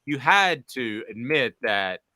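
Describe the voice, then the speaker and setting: A man's voice: mid-range voice, very animated, takes it slowly, pushed and bright, no room sound. A man hosting a casual sports panel, telling corny puns and ribbing his co-hosts. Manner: jokey, tells corny bean puns. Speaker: sports show host.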